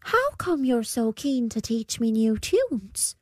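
A woman doing a young piper boy, high voice, polite, eager, storybook. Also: sing-song, slow pace, darkish tone, no echo, clean studio sound, full character voice.

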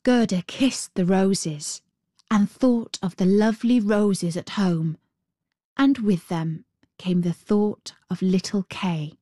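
A woman reading a fairy tale aloud as a storyteller, in a gentle, expressive way. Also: medium pitch, slow pace, no echo, studio quality.

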